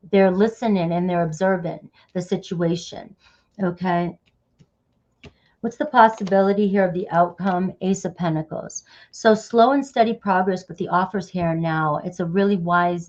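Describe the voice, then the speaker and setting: A woman's voice: lowish voice, a little mellow, muffled recording. A woman giving a casual tarot reading, chatty and loose, often dropping in "all right" and "okay". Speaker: tarot reader.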